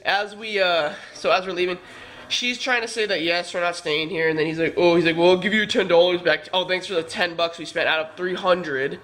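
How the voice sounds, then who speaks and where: A young man recounts a trip in a loose, rambling storytime vlog. His voice sits high and bright, and he swears and acts out the arguments with real heat. He sounds worn out. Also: fairly quick. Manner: animated, swearing, reenacts heated arguments. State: tired. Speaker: vlogger.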